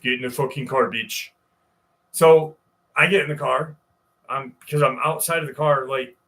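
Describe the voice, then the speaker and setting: A man's voice: on the high side, sharp tone. A man in his forties from New York, hosting a live stream and telling a rambling, profane story in a casual way. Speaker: show host.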